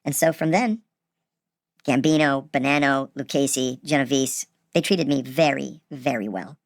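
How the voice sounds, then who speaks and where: A man casually telling a personal story, animated and acting out the people he quotes. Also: mid-range voice, measured pace, creaky, no echo, studio quality. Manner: animated, acts out quoted voices.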